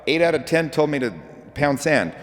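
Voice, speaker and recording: A man giving a motivational talk to an audience, telling animated stories with acted-out quotes. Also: a little high, normal speed. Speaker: speaker. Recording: hall with reverb.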